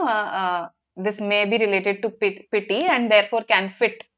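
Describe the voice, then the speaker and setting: An online exam prep teacher with an Indian English accent runs a live vocabulary lesson in a fairly bright, high-leaning voice. She explains patiently and frequently checks in with her class.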